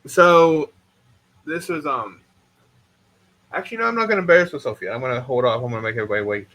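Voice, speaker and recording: A man's voice: mid-range voice, fast talker, sharp tone. A man hosting a podcast, telling stories in a casual, rambling, self-mocking way and swearing freely. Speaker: podcast host.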